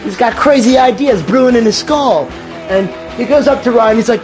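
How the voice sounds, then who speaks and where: A man's voice: extremely high pitch, normal speed, music in the background. A young man telling a casual anecdote, repeating himself and tossing "man" into nearly every sentence. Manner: peppers speech with "man", repeats and restarts phrases. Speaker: storyteller.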